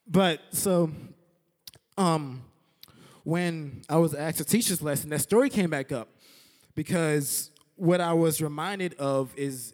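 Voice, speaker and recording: A young man teaching a lesson through an animated story, acting out scenes with sound effects and saying "like" a lot. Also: a little high. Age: young adult. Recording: echoey hall with long reverb.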